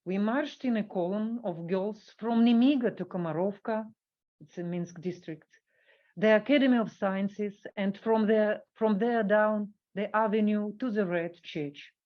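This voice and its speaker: A woman giving a workshop talk, reading an academic paper from a script and halting with fillers when she speaks off the cuff. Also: mid-range voice, dull audio.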